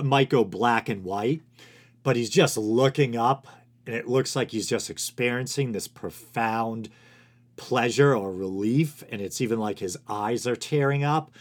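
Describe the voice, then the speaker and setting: A man's voice: medium pitch, lively intonation, unhurried. A man with a Boston accent hosting a solo podcast, casually commenting and reading from sources with self-mocking asides. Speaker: podcast host.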